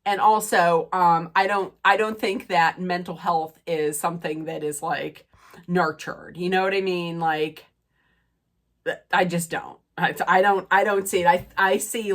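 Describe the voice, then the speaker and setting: A woman's voice: fairly low pitch, steady tone, unhurried. A woman vlogger recapping and ranting about a reality TV episode in a rambling, casual way, with a nasal, stuffy voice from draining sinuses. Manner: chatty, rambling with many fillers and restarts.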